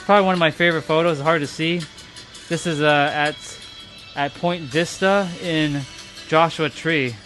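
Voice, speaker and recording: Emphatic, casual young man with soft music. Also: fairly high pitch, normal speed. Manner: loose, emphatic, repeats himself, swears. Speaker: vlogger. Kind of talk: casual chat over photos.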